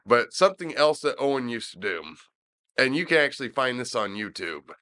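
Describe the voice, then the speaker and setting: A man co-hosting a podcast, telling wrestling stories in casual, animated chat. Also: medium pitch, a little fast. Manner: animated storyteller, chuckling, filler-heavy. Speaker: podcast co-host.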